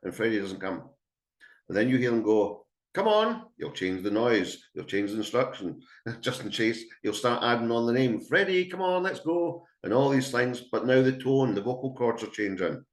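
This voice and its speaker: A man's voice: lowish voice, fairly even intonation, moderate pace, echoey room. A Scottish man working as a dog trainer, giving a chatty, emphatic webinar talk to a live audience and acting out calls to a dog. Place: indoor room with an audience.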